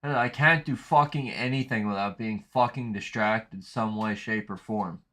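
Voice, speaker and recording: A man's voice: on the low side, normal speed, sharp tone. A young man livestreaming, ranting angrily and swearing nonstop while he sounds sick. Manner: swearing constantly, frustrated. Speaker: streamer. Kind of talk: angry live-stream rant.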